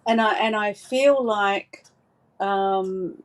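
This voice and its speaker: A woman giving a live psychic reading, gentle and reassuring, with frequent hesitant fillers and restarts. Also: medium pitch, drawn-out words.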